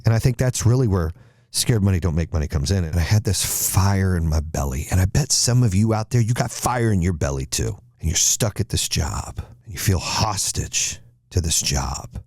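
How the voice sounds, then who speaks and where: A man's voice: deep voice, lively intonation, normal speed, darkish tone, dry recording, studio quality. A male podcast host giving a motivational speech with emphatic, repetitive exhortations.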